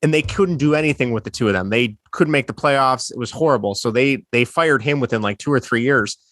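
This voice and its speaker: A man, co-hosting a sports podcast, telling a story with animated energy and acting out quotes. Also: mid-range voice, brisk, dry recording, clean studio sound. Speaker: podcast co-host. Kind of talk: casual sports chat.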